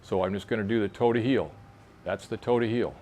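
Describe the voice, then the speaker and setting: Brisk and on the low side, with a darkish tone and a little hiss or hum, this man's voice belongs to someone in his sixties, near seventy. In a casual instructional demo on a park's covered veranda, he plainly coaches fly fishers through fitness exercises as he moves.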